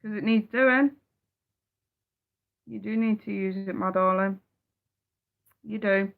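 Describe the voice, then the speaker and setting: In a live tarot session, a woman talks slowly in a mid-range voice with vocal fry and fairly even intonation. She's blunt and emphatic, swears freely and goes over her points again, all on a dull, lo-fi recording.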